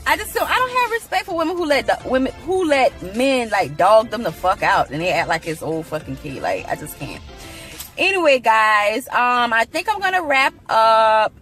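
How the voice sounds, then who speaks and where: A woman's voice: a little high, very animated, moderate pace, fairly bright tone, faint music behind. A woman vlogger giving casual, opinionated commentary on a reality show, blunt and frank with plenty of swearing.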